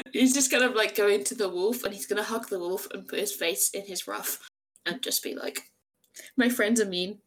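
A woman's voice: mid-range voice, moderate pace. A woman playing a tabletop role-playing game, describing her character's actions in a giggly, self-deprecating way. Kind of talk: casual tabletop role-play.

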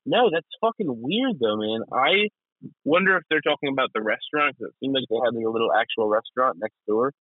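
A man's voice: medium pitch, lively intonation, fast talker, no room sound. A young man co-hosting a podcast in loose, profane casual chat, laughing often. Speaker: podcast co-host. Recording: tinny phone-like, dry.

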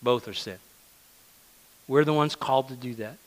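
Male preacher, mid-pitched, conversational sermon, earnest and repetitive. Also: moderate pace, rough recording. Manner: conversational, earnest, repeats words when emphasizing.

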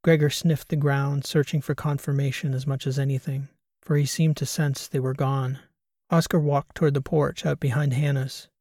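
In studio-quality sound with no room tone, a man narrates a science fiction audiobook from a script. His medium-pitched voice moves at normal speed in a steady, even storytelling style.

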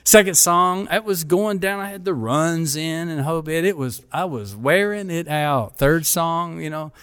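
A middle-aged pastor telling a funny story in a casual chat, acting out the voices of the people in it. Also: male voice, a little high, measured pace, a bit bright, clean tone, no echo.

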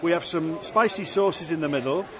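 A man in his fifties talks easily about his stall and his singing, quick to make fun of himself. His voice sits a little high. Crowd noise hums around him outdoors. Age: 50s. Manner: chatty, self-deprecating. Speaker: stallholder and amateur singer. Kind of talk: casual interview chat.

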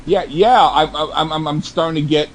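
A man's voice: a little high, moderate pace, slight background noise, rough recording. A man co-hosting a casual podcast, joking around and stammering on repeated words. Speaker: podcast co-host.

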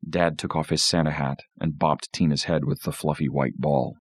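A man hosting a podcast, reading a horror story aloud with expressive storytelling. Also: very deep voice, moderate pace, no echo. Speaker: podcast host.

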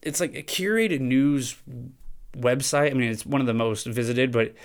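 A man talks straight into the mic on his own podcast, loose and conversational. His voice sits in a middle register, smooth and clear. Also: mid-range voice, normal speed. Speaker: podcast host. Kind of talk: casual monologue.

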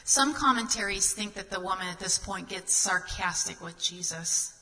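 A woman's voice: medium pitch, normal speed, hardly any pauses, sharp tone, in a large hall, poor audio. A woman guest speaker giving a sermon, reading scripture aloud and asking the listeners earnest questions.

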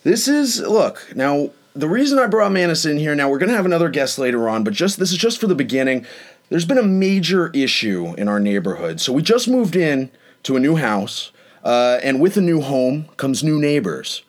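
A young man hosts a casual chat and spins an anecdote with a lot of movement in his voice. His pitch sits slightly high and leaps up whenever he acts out what someone said. He talks in an animated, dramatic way. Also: moderate pace. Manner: animated, dramatic retelling with rising pitch on quotes. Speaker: host.

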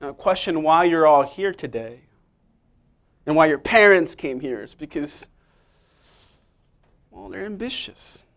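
A man preaching a lively, joking sermon straight to the congregation. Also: fairly high pitch, a little slow, pauses often. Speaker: guest preacher. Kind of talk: sermon with humor.

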